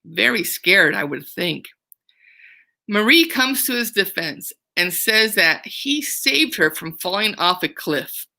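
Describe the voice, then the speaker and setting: Young woman, camp counselor, playful kids' lesson, bright voice, enthusiastic. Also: medium pitch, lively intonation, slow, vocal fry. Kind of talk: online children's music lesson.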